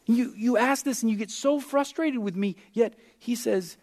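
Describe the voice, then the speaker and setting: A man preaching a sermon as pastor, impassioned, with big swings in pitch and loudness as he acts out prayers and scripture. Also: normal speed.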